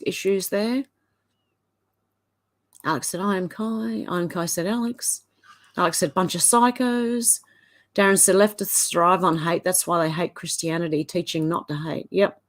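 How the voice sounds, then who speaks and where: A woman's voice: fairly low pitch, steady tone, unhurried. A woman with an Australian accent, hosting a livestream and reading viewers' comments aloud, with short reactions in between. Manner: reads each comment, then reacts briefly. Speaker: livestream host.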